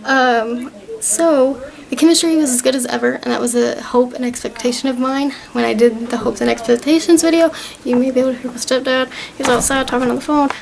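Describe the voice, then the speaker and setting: A woman's voice: high-pitched, steady tone, fairly quick, vocal fry, a crowd in the background, low-quality recording. A young woman vlogging at home, recapping a TV season in a chatty, rambling way, with many fillers as she retells scenes. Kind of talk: casual recap talk to camera.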